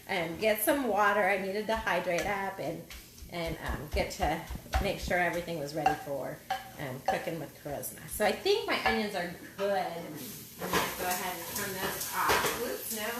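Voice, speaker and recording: A woman hosting a casual live cooking demonstration from her home kitchen, chatty and rambling, poking fun at her own slips. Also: lowish voice. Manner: chatty, rambling, self-deprecating. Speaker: cooking show host. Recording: echoey kitchen, loud frying noise. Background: sizzling pan and kitchen clatter.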